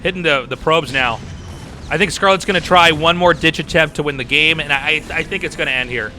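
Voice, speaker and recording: A man's voice: fairly high pitch, a little fast, sharp tone, faint music behind. A man hosting a game stream, casting a match and chatting casually with viewers. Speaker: caster and stream host.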